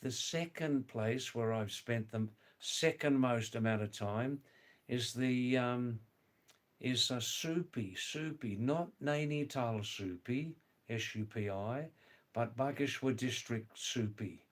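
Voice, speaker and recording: An older man hosting a casual livestream, reading viewer comments aloud in an unhurried way, repeating words and spelling out names. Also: mid-range voice. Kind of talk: casual chat.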